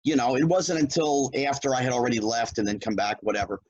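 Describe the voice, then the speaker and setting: Husky-voiced man telling a lively story. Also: mid-range voice, fast, dull audio. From New Jersey, United States. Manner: animated storyteller who acts out quoted lines. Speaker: guest, former child actor. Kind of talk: casual storytelling chat.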